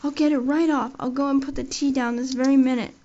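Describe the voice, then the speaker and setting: A woman's voice: high-pitched, steady tone, fast talker, mellow, lightly acted. Anne, a woman doing a dramatic chatty girl. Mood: pleading. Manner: breathless, dramatic storytelling. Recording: dull lo-fi audio.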